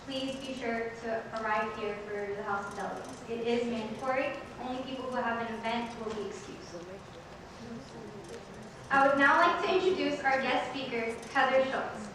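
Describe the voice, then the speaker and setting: A woman serving as emcee, reading formal introductions and announcements carefully, sometimes stumbling on words. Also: a little high. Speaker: student officer emcee. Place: large convention hall. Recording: echoey hall from far off, noisy.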